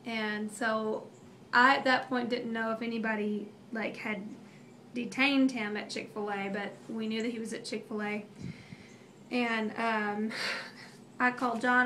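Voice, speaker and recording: A woman in her thirties tells a family story in a rambling, emotional way, full of fillers and restarts. Her voice sits a little high. Faint background hiss runs under the recording. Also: level tone, unhurried, bright, forceful tone. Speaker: mother telling a family story. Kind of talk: casual storytelling.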